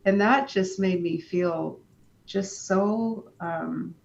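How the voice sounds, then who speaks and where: A woman speaks slowly and reflectively as an interview guest, her voice touched with creak and gravel. The recording sounds dull and lo-fi, with a faint low rumble underneath. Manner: calm and unhurried, with frequent restarts. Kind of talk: reflective personal storytelling.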